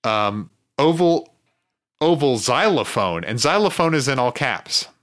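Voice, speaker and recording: A man's voice: mid-range voice, big pitch swings, measured pace, a bit bright. A man co-hosting a podcast, trading dry, sarcastic jokes in casual chat. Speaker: podcast co-host.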